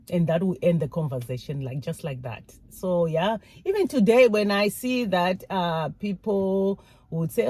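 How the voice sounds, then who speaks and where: Soft-spoken African woman, dry sound. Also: lowish voice, animated, normal speed, no echo. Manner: candid, laughs, restarts, acts out mocking voices. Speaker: vlogger. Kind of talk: casual talk to camera.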